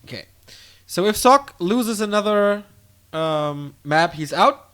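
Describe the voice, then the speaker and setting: A man casting a strategy game on his own, calling the action in quick play-by-play and rambling casually to viewers between games. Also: sits high. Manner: excitable play-by-play, drifting into loose rambling asides between games. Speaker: esports caster. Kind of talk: solo game commentary with casual chat.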